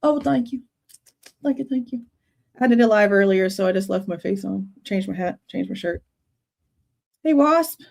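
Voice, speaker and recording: A woman's voice: mid-range voice, lively intonation, normal speed, gravelly, pauses often, a little mellow. A young woman hosting a true crime livestream, chatting casually, sounding exasperated and greeting viewers in the chat by name. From Texas.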